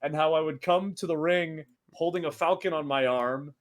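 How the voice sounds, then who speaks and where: A man's voice: on the high side, normal speed. A man in his thirties co-hosting a podcast, telling stories in casual chat and laughing through them. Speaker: podcast co-host.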